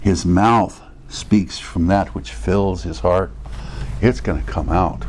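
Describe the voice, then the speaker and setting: A man preaching a sermon in a conversational way, putting questions to his listeners and slowing down to stress the verses he quotes. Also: low voice, a little mellow, a little hiss or hum. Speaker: pastor.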